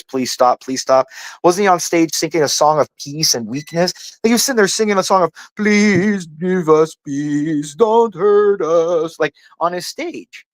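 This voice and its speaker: A man's voice: on the high side, dry recording. A man ranting in heated casual talk, profane and rambling, who keeps saying "like" and "dude" and stumbles over restarts when he gets worked up. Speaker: panel host. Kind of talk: heated casual political rant.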